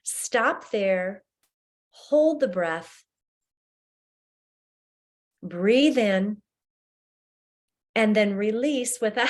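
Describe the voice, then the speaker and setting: A woman leading a guided breathing meditation and laughter yoga, her voice slow and soothing. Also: medium pitch.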